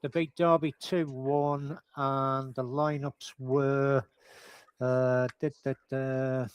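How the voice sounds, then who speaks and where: A man's voice: mid-range voice, little pitch movement, slow pace, smooth, no room sound, low-quality recording. A man on a casual football chat, reading the scores down a list. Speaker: football panelist.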